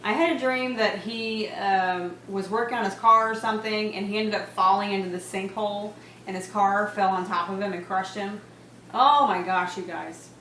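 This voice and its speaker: A woman's voice: mid-range voice, fairly even intonation, normal speed, a bit bright. A woman in her thirties chatting casually in a rambling home vlog, laughing often and using lots of fillers. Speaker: vlogger. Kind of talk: casual pregnancy update vlog. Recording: echoey room with faint ambient noise.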